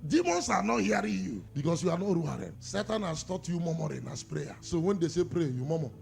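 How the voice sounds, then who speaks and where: A high-pitched male preacher with a Nigerian accent, his voice swinging widely from hushed, gravelly lows to full shouts. He calls for answers from his congregation as he preaches. Soft music plays behind him. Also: expressive, brisk, few pauses. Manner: swings from low murmurs to shouting, calls for responses. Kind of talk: sermon.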